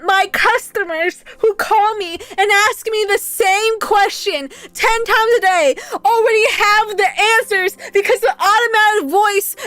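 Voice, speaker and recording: This is a young woman with a strikingly high voice, chatting casually on a home livestream. She tells stories in a loose, rambling way, gets animated, and swears freely. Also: dry recording. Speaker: streamer.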